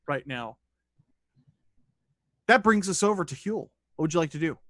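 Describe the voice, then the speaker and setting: A man narrating as dungeon master in a streamed tabletop game, describing combat in a lively, descriptive way. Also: on the high side, moderate pace, long pauses, no room sound, studio quality.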